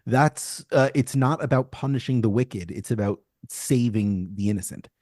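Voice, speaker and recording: A man's voice: mid-range voice, normal speed, a little mellow, no room sound, studio quality. A man co-hosting a podcast in casual chat, articulate and analytical, making tidy points. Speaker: podcast co-host.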